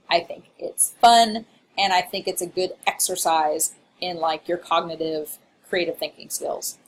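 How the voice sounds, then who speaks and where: Speaking at a medium pitch, a woman with a Southern Illinois accent delivers a chatty, playful college English lecture on recording. Laughter and asides come often, over slight background noise.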